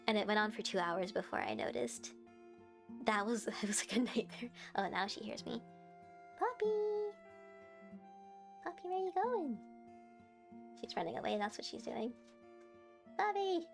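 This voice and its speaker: A woman's voice: medium pitch, vocal fry. A young woman streaming live, chatting casually and giggling as she answers her chat.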